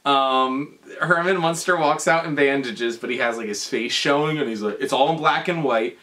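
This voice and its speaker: A man's voice: medium pitch, normal speed, bright, forceful tone. A tipsy man rambling through a comedic drunken retelling of a movie, heavy on fillers and swearing. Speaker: drunk storyteller.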